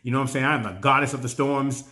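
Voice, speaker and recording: A man's voice: mid-range voice, fairly even intonation, rapid-fire, pushed and bright, lightly acted. A man playing a bossy superhero woman giving orders. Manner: commanding, slangy. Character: bossy female superhero leader.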